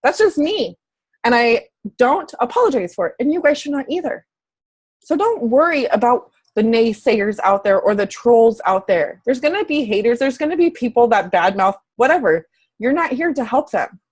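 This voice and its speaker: Husky and somewhat high, this woman's voice is expressive at a normal speed. She's a fitness coach in her thirties giving an informal motivational talk to camera, frank and chatty with casual swearing.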